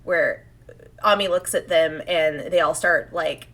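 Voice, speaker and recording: A woman co-hosting a casual podcast, recapping an episode and acting out the characters' lines in quick quotes. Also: deep voice, fairly bright tone. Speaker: podcast co-host.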